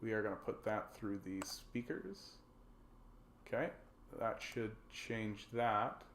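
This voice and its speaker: The Canadian livestream host speaks slowly yet animatedly in a lowish, slightly bright voice, with reverb and a little hiss or hum in the audio. He rambles through the casual call-in show, jokey and profane, packed with fillers and restarts.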